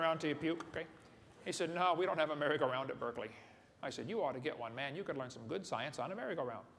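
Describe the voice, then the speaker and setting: A seminar speaker gives a humorous, folksy lecture to a live crowd in a large hall, joking around and often putting questions to the audience. His voice is a little high with vocal fry, and the recording has an echoey hall sound with faint room noise.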